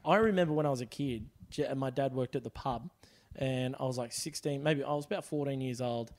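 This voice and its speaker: A man's voice: mid-range voice, fairly quick, a little mellow. An Australian man, a comedian guest, telling rambling stories on a podcast with lots of laughter and swearing. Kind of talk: casual podcast storytelling.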